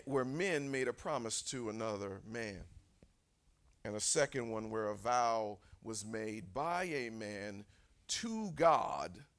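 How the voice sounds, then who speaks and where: Animated man preaching a lively sermon. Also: medium pitch. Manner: animated, asks the congregation questions.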